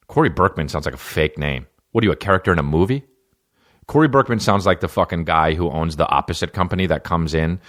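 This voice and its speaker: A man hosting a solo comedy podcast, reading out fan questions and riffing in a profane, sarcastic way. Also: extremely low pitch. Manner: profane, sarcastic, jumps into mocking voices.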